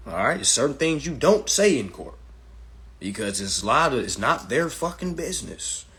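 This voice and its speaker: A man hosting a casual phone livestream, talking in a brash, profane, animated way and slipping into mocking voices. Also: mid-range voice. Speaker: livestream host giving legal advice.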